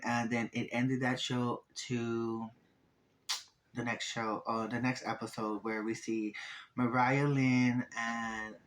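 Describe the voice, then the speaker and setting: A man recaps a reality show in a loose, casual way. His talk is profane and animated, full of quick asides and sudden jumps up in pitch as he mocks the cast. His voice sits at a middle pitch for a man. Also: low-quality recording.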